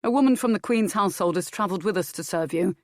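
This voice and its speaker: A woman's voice: medium pitch, fast talker, no echo, studio quality, close to an everyday voice. A woman voicing a dutiful male guard captain who speaks formally and urgently, in an audiobook.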